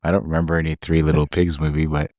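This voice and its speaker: A man's voice: extremely low pitch, little pitch movement, quick pace, a little mellow, no room sound, studio quality. A man co-hosting a podcast, laid-back and laughing often, hesitating as he searches for names. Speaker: podcast co-host. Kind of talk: casual chat.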